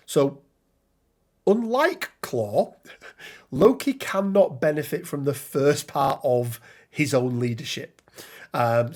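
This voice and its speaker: A man chats casually about a tabletop miniatures game. His talk is loose and conversational, full of ums and quick restarts, and he reads rules text aloud as he goes. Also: medium pitch, darkish tone. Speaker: podcast co-host.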